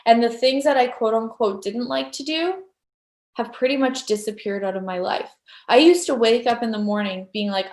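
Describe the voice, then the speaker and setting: A middle-aged woman speaking casually to her viewers, telling a story with lively re-enactments of her own thoughts. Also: a little high, moderate pace, reverberant. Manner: animated storytelling, acting out her own inner voice. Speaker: personal growth speaker. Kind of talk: casual talk to camera.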